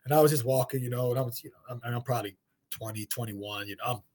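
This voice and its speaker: A middle-aged man from St. Louis with a husky voice tells a story in casual talk, acting out the other people's lines in high voices and laughing often. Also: fast talker, a little mellow. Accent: St. Louis, African American Vernacular English. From St. Louis, USA. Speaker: guest storyteller, martial artist.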